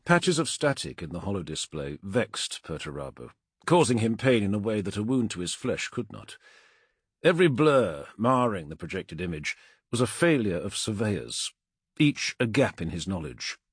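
Husky man narrating an audiobook. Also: lowish voice, moderate pace, no echo, studio quality. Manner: dramatic, expressive reading.

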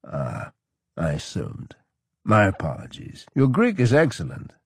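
A leering, drunken Roman general who slurs and roars his crude boasts, as a man puts him on. The voice is husky and low, with wide swings in pitch, recorded dry and close. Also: wildly swooping pitch, unhurried, no room sound, heavily acted. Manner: slurring, bellowing, crude.

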